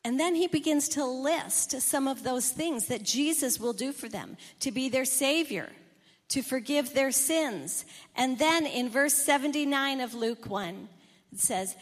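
A woman's voice: sits high, animated, unhurried, in a large hall. A woman pastor preaching a sermon, telling a story in an earnest manner.

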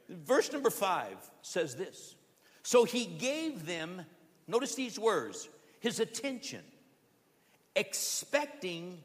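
A male pastor preaches in an earnest sermon, now and then acting out a beggar's pleading. His voice is bright and forceful. The sound carries a long church-hall reverb. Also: high voice, big pitch swings, unhurried. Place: church sanctuary.

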